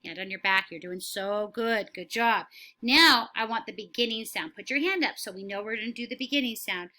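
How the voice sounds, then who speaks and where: With a bright, forceful, mid-range voice, a woman teaches phonics to young children, going slowly and encouragingly and offering words for them to repeat.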